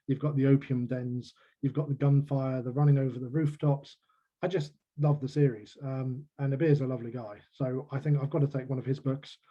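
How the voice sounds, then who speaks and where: A man's voice: medium pitch, steady tone, brisk, dull audio. A man, a crime novelist, chatting as a guest on a video call and laughing at his own jokes. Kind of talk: casual video-call chat.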